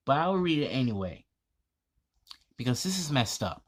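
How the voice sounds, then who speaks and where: A man vlogging an indignant commentary, reading text aloud in a halting, stumbling way. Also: medium pitch, very animated.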